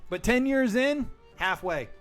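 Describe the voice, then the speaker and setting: A man in his forties with a notably high voice chats casually while streaming a game. He jokes around and tells animated stories. Faint music plays underneath. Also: unhurried. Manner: joking, animated storytelling. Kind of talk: casual chat while gaming.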